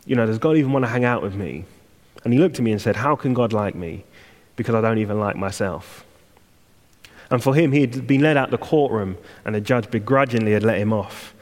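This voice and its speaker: A man's voice: fairly low pitch, fairly quick, a little mellow. Man preaching in a reverberant church. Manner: conversational, self-deprecating asides. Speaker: guest preacher. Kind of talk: sermon. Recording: long reverb of a church hall.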